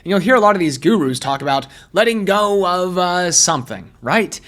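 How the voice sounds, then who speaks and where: A man's voice: sits high, animated, normal speed, fairly bright tone. A male host giving casual video commentary, chatty and self-deprecating as he thinks aloud. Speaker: personality-typing commentary host.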